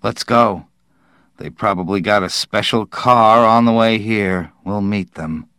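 A man voicing a gruff, irritable male astronaut with a curt manner. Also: lowish voice, measured pace, a bit bright, no room sound, clean studio sound. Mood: snappish.

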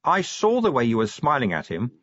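A man's voice: medium pitch, wildly swooping pitch, brisk, fairly bright tone, no room sound. A man voicing a cheeky, teasing young female vampire constable in a chatty, breezy manner. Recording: dull lo-fi recording.

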